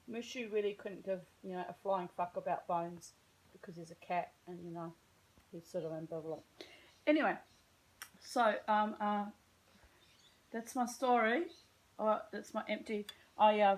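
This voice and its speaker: A woman's voice: fairly low pitch, fairly bright tone, rough recording. Rambling, wry woman vlogging at home. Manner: rambling, self-mocking, wry asides. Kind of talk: casual rambling vlog to camera.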